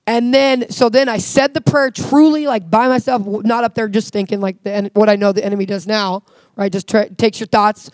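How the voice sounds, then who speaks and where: An earnest woman tells her faith testimony with a high, bright-pitched voice. She talks in a heartfelt, casual way, full of "like" fillers. The sound is close and dry, with no room around it. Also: brisk, dry recording. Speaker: guest sharing a faith testimony. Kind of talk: personal testimony in conversation.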